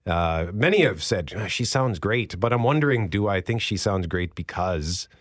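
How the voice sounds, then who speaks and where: A man with a deep voice hosting talk radio in a studio, candid and self-deprecating as he talks. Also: lively intonation, moderate pace. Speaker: radio host.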